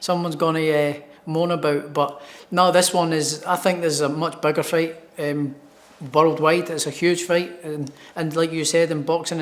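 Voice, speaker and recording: A Scottish professional boxer with a fairly high, slightly bright voice answers interview questions upbeat, repeating words as he gets each thought going in this sports interview.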